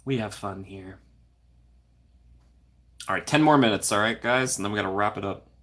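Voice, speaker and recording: A young man with a fairly low voice chats casually on his own livestream. He reads viewer comments aloud and reacts playfully, laughing often between remarks. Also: normal speed, fairly bright tone. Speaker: livestream host. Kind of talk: casual live chat reading comments.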